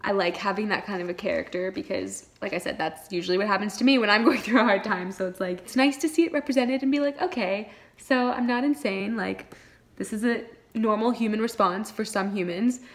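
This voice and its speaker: Young woman book vlogger, excitable casual chat, giggly, heavy "like" filler, average pitch. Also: fairly quick. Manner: gushing, laughs often, says "like" constantly. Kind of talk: casual chat reading vlog.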